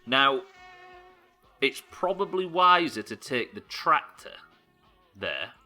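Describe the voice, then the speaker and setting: A man's voice: mid-range voice, sing-song, slow pace, pushed and bright, faint music behind. A man chatting casually while playing a game on a live stream, swearing and joking as he plans each move. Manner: sweary, joking, thinking aloud. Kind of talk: casual gameplay commentary.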